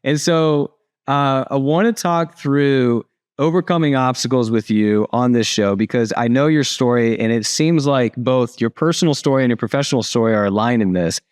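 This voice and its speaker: A man's voice: medium pitch, moderate pace, smooth, no room sound. An upbeat man hosting an interview podcast, his voice sitting in a middle range. He talks in a chatty, friendly way and often restarts mid-sentence. The sound is dry and close to the mic. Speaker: podcast host.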